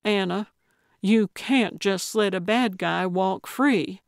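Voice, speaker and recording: Voicing an elderly woman sleuth who is blunt yet coaxing, this audiobook narrator gets louder and brisker than in her regular narration. Her mid-range voice is creaky, in a dry, clean studio recording.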